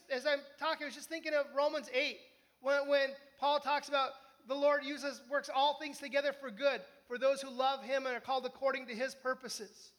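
A man preaching a conversational sermon, often asking his listeners questions. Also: very high voice. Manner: conversational, animated, asks the listeners. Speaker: pastor.

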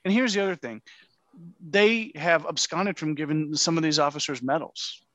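Passionate higher-voiced man, dry sound. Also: normal speed, a bit bright, no echo, muffled recording. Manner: passionate, repeats himself. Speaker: podcast co-host. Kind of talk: casual debate chat.

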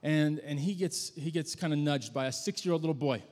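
A man preaching a sermon, telling a story in a conversational, halting way with frequent restarts. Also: a little high, a little mellow. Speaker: pastor. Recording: long hall reverb.

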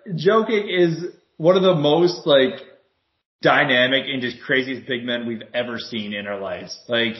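A man co-hosting a casual sports chat, animated and swearing a lot as he retells a heated argument. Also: mid-range voice, moderate pace. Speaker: podcast co-host. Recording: roomy, dull lo-fi sound.

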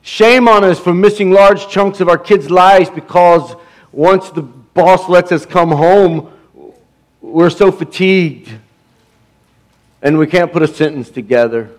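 A man's voice: sits high, unhurried. A middle-aged man pastor preaching a sermon with emphasis, stumbling over restarts and asking the congregation for amens.

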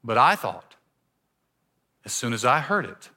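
A man pastor preaching a sermon in a church, telling a personal story and shifting between loud emphasis and hushed, quiet lines. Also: medium pitch, sing-song, measured pace, long pauses.

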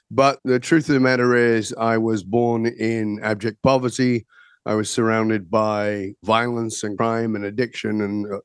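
A man in his sixties from Northern England, a podcast guest telling his life story in a measured, reflective way. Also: lowish voice, no room sound, studio quality.

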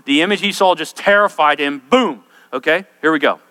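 A male preacher with a high, bright voice delivers an emphatic sermon. He keeps turning to his listeners to check that they are following. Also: brisk, in a large hall. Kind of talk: expository sermon.

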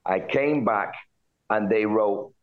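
A man from the United Kingdom, a guest telling a story in an interview, acting out quoted lines with lively jumps in his voice. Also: slow. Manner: animated retelling, jumps high for quoted lines. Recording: dull lo-fi line.

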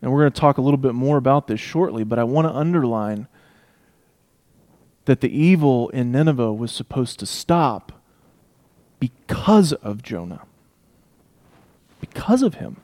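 A man preaching an expository sermon, emphatic, swinging between loud declarations and hushed asides. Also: mid-range voice, animated, moderate pace.

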